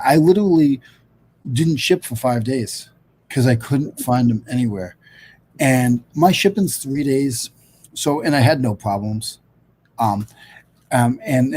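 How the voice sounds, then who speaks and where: A man's voice: medium pitch, mellow, husky, low-quality recording. A middle-aged man from Rhode Island hosting a casual livestream chat over a video call, rambling with lots of fillers and restarts. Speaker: host.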